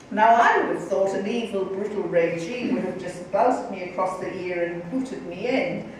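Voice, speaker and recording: A woman's voice: mid-range voice, slight background noise. A middle-aged woman giving a storytelling talk at a university event, acting out the voices of the people she quotes. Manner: lively, acts out quoted voices. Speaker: guest speaker. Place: university lecture hall. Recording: echoey hall from far off.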